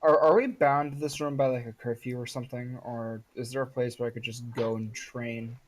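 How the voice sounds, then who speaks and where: A young man playing a tabletop game, speaking in character in an earnest, halting way. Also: medium pitch, flat delivery. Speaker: player. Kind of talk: casual in-character play.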